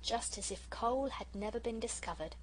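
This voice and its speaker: A woman reading an audiobook, voicing a pouty, indignant young girl who is quick to tears. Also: on the high side, husky, rough recording. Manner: pouty, indignant, sobbing at times.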